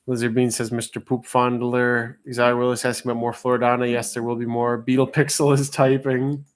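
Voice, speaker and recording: A man running a live auction stream in a relaxed, off-the-cuff way. He rambles through side stories with plenty of fillers. Between stories he reads out viewer messages and counts down the bids. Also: medium pitch, fast talker. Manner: rambling, chatty storytelling with many fillers. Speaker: livestream auction host. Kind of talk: casual livestream chat and auctioneering.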